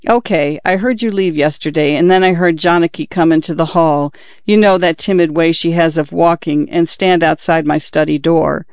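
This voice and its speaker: A bashful young man in love, talking in a hurried, embarrassed rush, as a male reader puts him on. The voice sits a little high, and the recording is dull and dry, with no room sound. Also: steady tone, no echo, close to an everyday voice. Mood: earnest. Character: young man, flustered and newly engaged.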